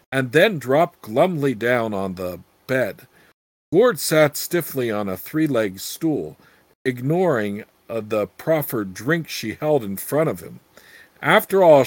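A man reading a fantasy novel aloud in a casual, unhurried way. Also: mid-range voice, husky, no echo. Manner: unhurried, with fillers and restarts. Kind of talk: casual read-aloud narration.

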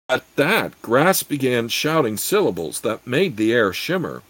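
A man's voice: medium pitch, big pitch swings, a little slow, few pauses, a bit bright, no room sound, rough recording. A man narrating a fantasy audiobook expressively, with occasional self-corrections.

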